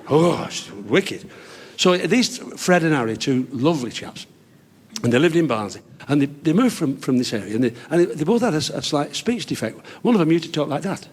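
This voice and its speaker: Chuckling as he goes, a man works a club crowd with old-school stand-up, chatty between lines and delivering broad punchlines. His fairly high voice has a sing-song lilt and a slightly quick pace, with a little hiss or hum on the recording.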